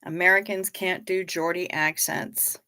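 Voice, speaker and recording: Slow-talking, bright-voiced woman livestreamer. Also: fairly low pitch, fairly even intonation, a little hiss or hum. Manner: chatty and frank, greets viewers by name, swears casually. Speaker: livestream host. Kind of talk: casual livestream chat.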